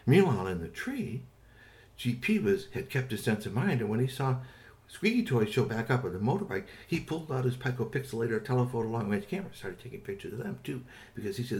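A man tells a made-up bedtime story to a child in a relaxed, unscripted way. His voice moves up and down with lively pitch. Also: fast talker.

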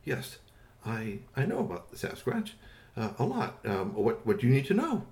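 A man voicing a steady, knowledgeable grown man who explains things in a measured way. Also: mid-range voice. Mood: calm.

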